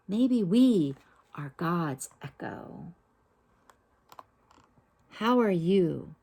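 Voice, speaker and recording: A woman reading a children's picture book aloud in a gentle, unhurried way, pausing to ask her listeners questions. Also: medium pitch. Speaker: storybook reader.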